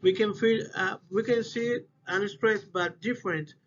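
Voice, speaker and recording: A man giving a class presentation on word stress, in halting English that repeats words as he goes. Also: high voice. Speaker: student presenter. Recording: dull lo-fi recording with faint noise.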